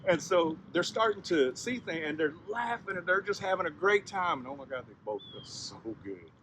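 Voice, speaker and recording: A man telling a traditional story in a conversational, animated way, often turning to address his listeners directly. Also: on the high side, normal speed, slight background noise. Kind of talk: oral storytelling.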